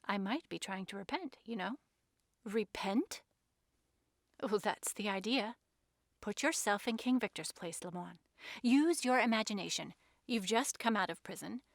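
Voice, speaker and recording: A woman voicing an unflappable, amused gentleman who talks lightly and teasingly. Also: mid-range voice, unhurried, gravelly, pauses often, dry recording, studio quality.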